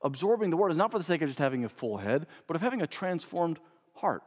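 A male pastor preaching a sermon, stressing key phrases by repeating them and moving from loud to hushed. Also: fairly high pitch, very animated, quick pace. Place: church sanctuary. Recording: long reverb of a church hall.

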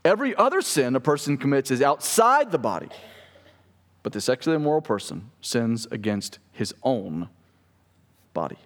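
A man's voice: mid-range voice, big pitch swings, moderate pace. A man preaching a sermon to a congregation, talking in a casual, conversational way with frequent asides to the people in front of him. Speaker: pastor. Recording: long hall reverb.

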